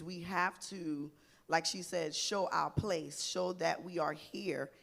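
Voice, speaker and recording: A woman's voice: deep voice, creaky. A woman speaking as a guest on a panel talk show, earnest and emphatic. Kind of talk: casual panel discussion.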